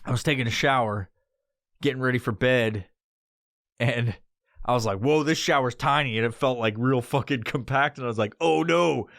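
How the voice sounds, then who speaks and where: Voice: mid-range voice, fairly even intonation, moderate pace, pauses often, fairly bright tone, no room sound, clean studio sound. A podcast host telling a story in casual, profane talk, acting out the quotes with yelps and laughs.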